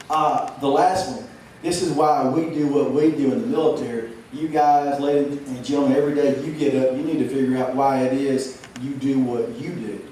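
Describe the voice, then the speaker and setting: A man, giving a humorous speech and stuttering, repeating words as he goes. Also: fairly high pitch. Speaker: motivational speaker. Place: large hall. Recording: echoey hall from far off, noisy.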